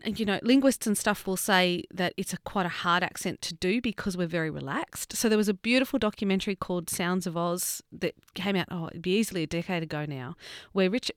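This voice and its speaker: A woman's voice: mid-range voice, a bit bright, clear, resonant tone, no echo, studio quality. A woman in her thirties with an Australian accent, a guest expert who explains in a friendly, talkative way with lots of fillers. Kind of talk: casual interview.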